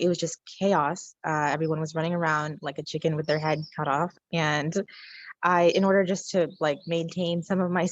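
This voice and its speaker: Lower-voiced woman, full of ums. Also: no room sound, highs cut off. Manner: hesitant, many ums and likes. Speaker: guest author. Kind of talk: casual interview answers.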